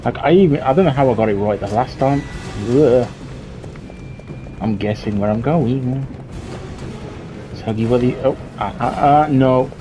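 A man's voice: medium pitch, normal speed, long pauses, low-quality recording. A young man commenting on a horror game as he plays, swearing a lot and yelping when something startles him. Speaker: gameplay streamer. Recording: game music loud behind voice.

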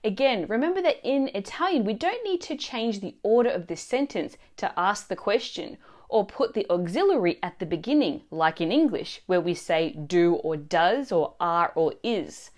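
A woman narrating a scripted language lesson in a clear, expressive teaching manner. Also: mid-range voice, normal speed. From Australia.

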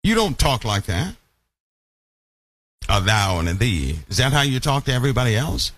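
A man preaching a Bible-study sermon who keeps asking his listeners questions and slows down to stress key lines. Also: medium pitch, very animated, fairly bright tone. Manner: emphatic, asks the audience questions often.

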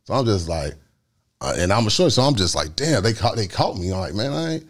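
Middle-aged Chicago man, a low-voiced and fast guest storyteller, animated, heavy slang. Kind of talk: casual street storytelling.

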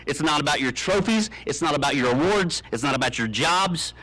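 A man in his thirties giving a humorous commencement speech, telling deadpan tall tales with many ums and uhs. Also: on the high side, a little fast, low-quality recording. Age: 30s. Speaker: commencement speaker. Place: graduation ceremony, speaking to an audience.

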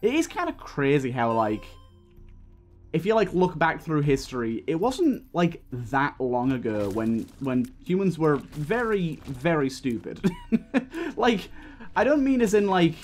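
A man's voice: fairly high pitch, sing-song, unhurried, faint music behind. Chatty man rambling over gameplay. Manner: rambling, chatty, laughs often, many restarts. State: hiccuping. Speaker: gaming YouTuber. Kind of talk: casual gameplay commentary.

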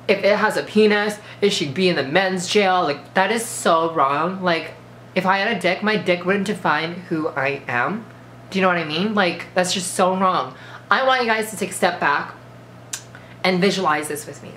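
A woman's voice: on the low side, fairly bright tone. A woman with a sore throat giving an emphatic, indignant opinion in a casual vlog, peppering her speech with "like". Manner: emphatic, indignant, heavy use of "like". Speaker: vlogger. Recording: echoey room with faint background noise.

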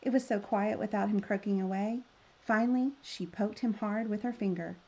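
A woman reading a children's fairy tale aloud in a gentle, expressive way. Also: medium pitch, normal speed. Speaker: storyteller. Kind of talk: children's story read-aloud. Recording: slightly dull lo-fi sound.

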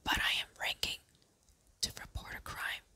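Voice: moderate pace, pushed and bright, no echo. A reader voicing a determined young girl who tries to sound grown-up, in a whispered role-play. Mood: earnest. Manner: earnest, trying to sound grown-up.

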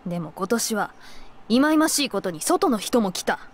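Brief: strict aristocratic mother, visual novel, quick and clipped, restrained anger. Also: fairly high pitch, sing-song. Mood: cool disapproval. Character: stern upper-class mother, middle-aged, controlling.

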